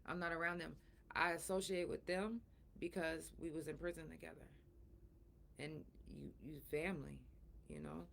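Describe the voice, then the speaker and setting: A middle-aged woman hosting her own podcast, talking frankly and emphatically, sore and breathy at times from a recent surgery. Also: low voice, fairly even intonation, moderate pace, slight background noise. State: in pain after surgery, soft and breathy at times. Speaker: podcast host. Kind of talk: casual solo talk.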